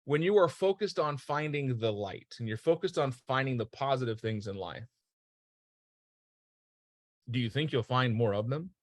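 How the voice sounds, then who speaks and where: A man's voice: medium pitch, animated, moderate pace, pauses often, no echo, clean studio sound. A man hosting a motivational talk, earnest and emphatic, storytelling and asking rhetorical questions. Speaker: host.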